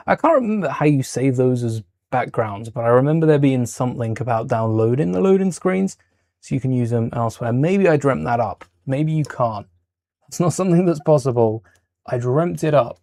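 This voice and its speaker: A man's voice: mid-range voice, mellow, no echo. A man hosting a casual livestream while building Lego, chatting with viewers in a rambling way and correcting himself as he goes.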